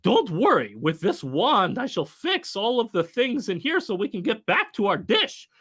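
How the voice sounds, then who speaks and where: A man's voice: high-pitched, wildly swooping pitch, moderate pace, a bit bright, husky, voice pushed up, heavily acted. A man voicing Lutefisk, a fussy, slightly pompous male wizard who speaks in a proper, rhyming way. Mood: reassuring.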